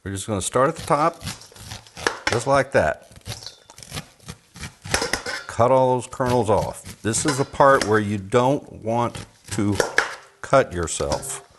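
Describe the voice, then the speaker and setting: Speaking slowly with frequent pauses, a Texas man with a medium-pitched, lively voice demonstrates a recipe in his home kitchen. His chatter is folksy and joking, bacon sizzles and fries, and the background is noisy.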